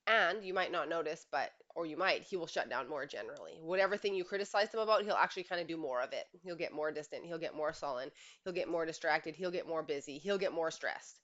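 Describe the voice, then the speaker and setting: A woman with a low voice coaching on relationships, speaking earnestly and emphatically to camera. She leans on rhetorical questions. The recording sounds a little dull and lo-fi. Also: quick pace, a bit bright. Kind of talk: direct-to-camera advice monologue.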